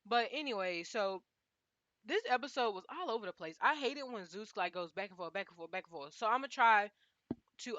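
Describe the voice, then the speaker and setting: A young woman casually recapping a reality show, chatty and animated, full of slang, often talking straight to the cast members. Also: medium pitch, dry recording, muffled recording.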